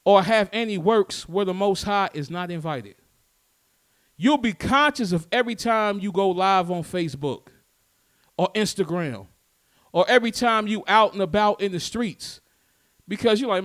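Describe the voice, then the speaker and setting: A man preaching a sermon, swinging between loud, emphatic lines and low, soft ones. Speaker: teacher.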